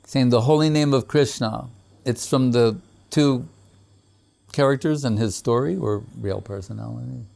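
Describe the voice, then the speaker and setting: A man's voice: medium pitch, moderate pace, creaky, darkish tone. A man giving a devotional discourse, retelling sacred stories, reciting Sanskrit verses and chuckling often. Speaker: spiritual teacher.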